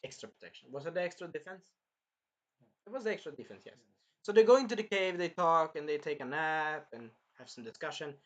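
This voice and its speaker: Man, fairly high voice, excitable rambling recap, casual reviewer. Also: a little fast. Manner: excitable, rambling, jumping between plot points. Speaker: anime reviewer.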